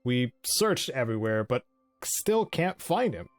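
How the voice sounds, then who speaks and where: A man's voice: mid-range voice, very animated, measured pace, soft background music. A man voicing a tall muscular tanner who is guarded and curt with strangers.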